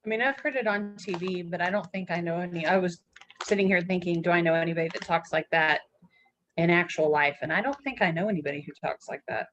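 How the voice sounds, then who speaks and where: Woman student thinking out loud on a call, kinda low and quick, muffled audio. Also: a little hiss or hum. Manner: thoughtful, musing. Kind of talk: casual chat.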